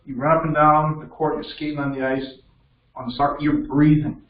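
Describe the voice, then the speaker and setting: Encouraging piano teacher in a roomy studio. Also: male voice, fairly high pitch, fairly even intonation, brisk, a little hiss or hum. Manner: encouraging, checks in with frequent "okay?". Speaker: piano teacher leading a masterclass. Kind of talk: coaching a student at the piano. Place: music studio indoors with a piano. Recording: distant, roomy and dull with piano behind.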